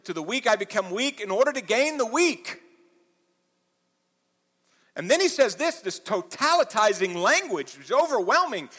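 A man preaching a sermon as pastor, swinging between quiet, low asides and loud, impassioned bursts. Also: very animated, normal speed. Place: church auditorium. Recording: reverberant church hall.

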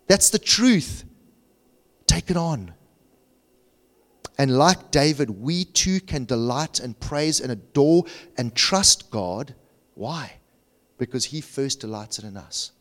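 A middle-aged man, a pastor, preaching a sermon in a church and then leading the congregation in prayer, moving between urgent, repeated appeals and a hushed, humble prayer voice. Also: mid-range voice, expressive, slow pace, pauses often, long reverb tail. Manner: passionate, rising to urgent repetition then softening into hushed prayer. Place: church sanctuary.

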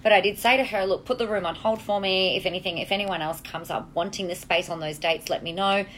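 A woman's voice: mid-range voice, steady tone, fast talker, a bit bright, slight background noise. A woman with an Australian accent hosting a casual solo podcast from a hotel, talking candidly and bluntly and swearing freely. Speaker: podcast host, marketing coach.

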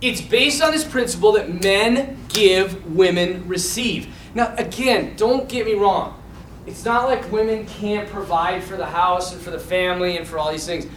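A man giving a casual, animated Bible teaching to a class, talking loosely with fillers and restarts. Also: sits high, moderate pace, roomy sound, recorded from a distance, a little hiss or hum, low-quality recording. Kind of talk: casual teaching talk to a mixed group.

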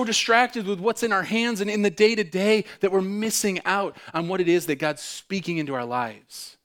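A male pastor preaching a sermon. He swings between loud, fervent bursts and hushed, intimate passages, and he repeats phrases for emphasis. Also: sits high, normal speed, few pauses.

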